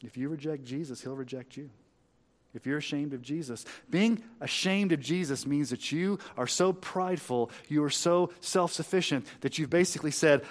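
A male pastor preaching a sermon, swelling loud on key lines and dropping low, reading scripture slowly and with emphasis.

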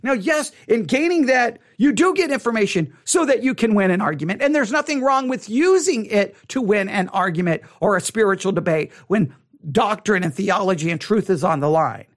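A man who is a pastor, teaching a Bible study in an animated way, often repeating and restarting his words. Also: normal speed. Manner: animated, acts out quoted people with rising pitch.

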